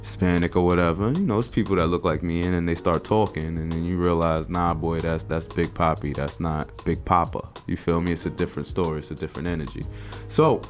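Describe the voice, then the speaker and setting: A man's voice: low voice, fast, soft background music. A man, a recurring guest host telling a casual, slang-heavy story and acting out what people said. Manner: animated, slangy, acts out quotes.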